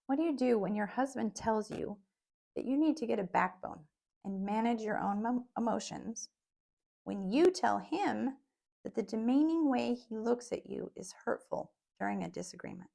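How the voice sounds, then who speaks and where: A woman with a somewhat high voice and a lot of gravelly fry co-hosts a podcast with her husband. She speaks plainly and frankly, pressing her points with emphatic rhetorical questions. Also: expressive, moderate pace, mellow. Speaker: podcast co-host. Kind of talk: casual chat with her husband.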